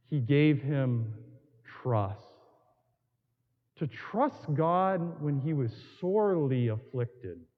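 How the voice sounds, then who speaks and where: A man preaching a sermon as a priest, telling stories with emphatic repetition and dramatic pauses. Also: on the high side. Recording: tinny, in a long reverberant hall.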